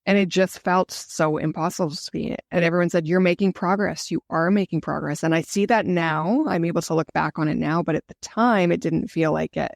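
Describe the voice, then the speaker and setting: A woman's voice: on the low side, brisk, vocal fry, hardly any pauses, no echo, clean studio sound. A woman guest telling her own story in an interview, earnest and reflective. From Canada. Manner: earnest, emotional, reflective retelling.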